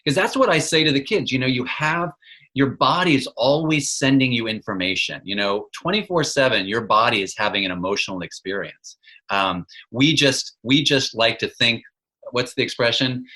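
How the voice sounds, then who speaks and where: A man's voice: mid-range voice, animated, moderate pace, sharp tone, rough recording. A man talks as a podcast guest and walks through his ideas earnestly, like a teacher in a classroom. He keeps checking in with his listener as he builds each point. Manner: earnest, teacherly explaining with "you know" and "right?". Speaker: guest, arts educator. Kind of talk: casual interview chat.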